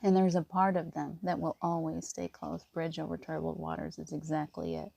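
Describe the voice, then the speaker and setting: A woman giving gentle spiritual encouragement in casual live talk, rambling with restarts and often near tears. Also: sits low, level tone, moderate pace, vocal fry, dry recording. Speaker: spiritual reader.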